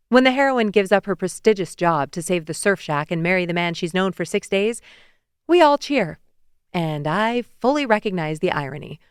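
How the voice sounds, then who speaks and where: Smooth, lower-voiced woman narrating romance. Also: no echo, studio quality. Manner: lively, wry storytelling. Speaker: audiobook narrator. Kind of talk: first-person romance audiobook narration. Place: studio booth. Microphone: close studio mic.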